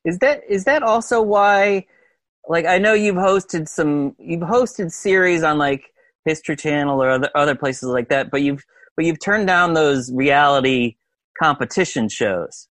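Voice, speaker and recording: A man hosting an interview, asking quick questions with frequent restarts. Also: on the high side, fairly bright tone, no echo. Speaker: interviewer host. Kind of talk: casual interview.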